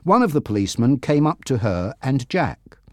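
A man narrating a graded reader audiobook, reading slowly and clearly. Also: mid-range voice, dry recording, clean studio sound. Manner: slow, clear, expressive reading.

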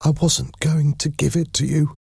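A man voicing a dying young woman, devoted and gentle, with a faint, pleading, raised voice. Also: a little high, level tone, normal speed, vocal fry, breathy edge, no echo, clean studio sound, pitched above the performer's own voice, heavily acted.

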